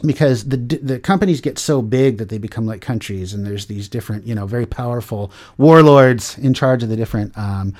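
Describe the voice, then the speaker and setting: A man's voice: mid-range voice, fairly quick, hardly any pauses, darkish tone. A middle-aged man hosting a casual tech talk show, rambling with many fillers and restarts. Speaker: podcast host.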